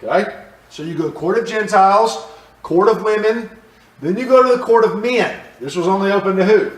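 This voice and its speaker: A man's voice: high-pitched, normal speed. A man teaching a Bible class in a church. He asks the class questions and repeats his points. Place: church room. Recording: roomy echo, mic at a distance.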